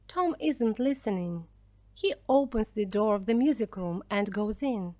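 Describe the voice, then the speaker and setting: Woman narrator, storybook for learners, slow and careful, lively pitch, dry close sound. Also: no echo. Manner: slow, clear, careful reading. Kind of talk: scripted narration for language learners.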